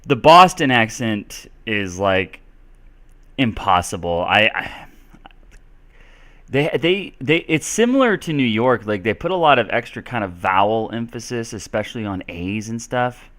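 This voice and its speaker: A man's voice: lowish voice, expressive, measured pace, a bit bright. A man hosting a casual live-stream English Q&A lesson, chatty, with many fillers. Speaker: English teacher and stream host.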